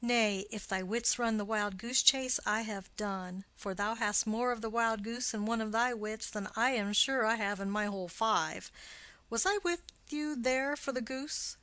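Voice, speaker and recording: A woman's voice: a little high, a bit bright, dry recording. A woman reading the part of a witty, mocking young nobleman in an audiobook of a play. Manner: quick, punning banter.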